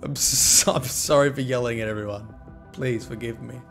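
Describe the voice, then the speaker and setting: A man's voice: mid-range voice, steady tone, moderate pace, vocal fry, fairly bright tone, soft background music. A man streaming a game and chatting casually with his viewers, cheeky and joking as he thanks them and teases the chat.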